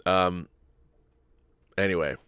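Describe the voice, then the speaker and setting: A middle-aged man hosting a live stream, reading viewer messages and answering them in a halting, rambling way. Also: deep voice, fairly even intonation, fairly bright tone, clean tone, no echo, studio quality. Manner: rambling, halting, restarts often. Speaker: host.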